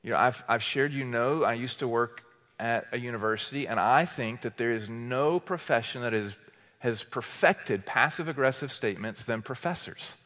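A man preaching as a teaching pastor, firing rhetorical questions at the congregation and swinging between loud declarations and quiet asides. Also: medium pitch, normal speed. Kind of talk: sermon. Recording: long hall reverb.

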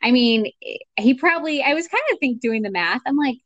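A woman co-hosting a casual movie discussion, retelling scenes in a chatty, animated way. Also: sits high, normal speed, dry recording, muffled recording. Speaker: podcast co-host.

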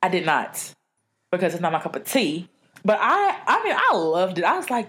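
A young woman co-host with a lively, swooping voice that rises and falls all the time. She jokes, curses freely and laughs a lot. Her talk stays loose and casual. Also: on the low side, normal speed. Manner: animated, joking, profane, laughs a lot. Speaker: podcast co-host. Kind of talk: casual chat.

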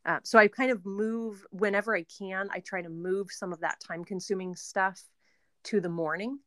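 A woman's voice: mid-range voice, fairly even intonation, moderate pace, sharp tone, no echo. Chatty young mother, dry close sound. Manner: chatty, rambling, frequent fillers and restarts. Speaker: guest, homeschooling mother. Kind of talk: casual interview chat.

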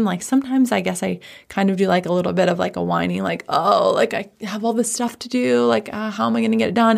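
Chatty woman with a gravelly voice. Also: mid-range voice. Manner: chatty, peppered with "like", upbeat. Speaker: business coach. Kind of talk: casual mindset talk. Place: home office.

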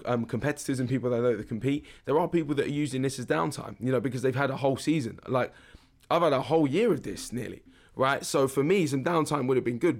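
A man, hosting a casual podcast as a fitness coach, talking frankly with many restarts. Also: mid-range voice. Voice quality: husky. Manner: frank, rambling, lots of restarts and fillers.

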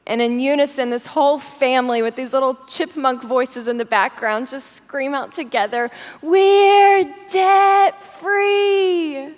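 Brief: woman, slightly high voice, heartfelt storytelling sermon, long hall reverb. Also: fairly even intonation, normal speed, hardly any pauses. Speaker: guest speaker. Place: large church auditorium.

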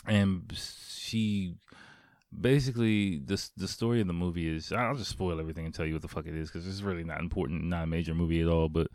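A man's voice: deep voice, fairly quick, a little mellow, no echo, studio quality. A young man casually recapping a movie he watched, rambling with lots of fillers, restarts and swearing.

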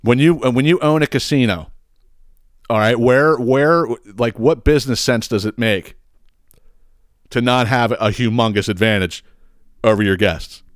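A man's voice: mid-range voice, measured pace, pauses often, no room sound, studio quality. A man hosting a podcast, ranting profanely in a casual style and often stumbling over repeated words. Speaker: podcast host.

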